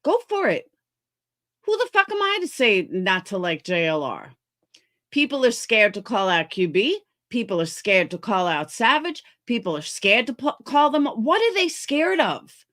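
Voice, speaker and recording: A woman's voice: medium pitch, very animated, normal speed, fairly bright tone. A woman streamer ranting heatedly about other creators, swearing often and sounding exasperated. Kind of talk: livestream commentary rant.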